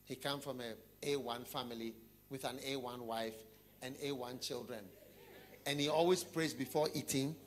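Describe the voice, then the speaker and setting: A man preaching a sermon, telling a story and putting questions to his listeners, often dropping low and quiet. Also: steady tone, moderate pace, a little hiss or hum.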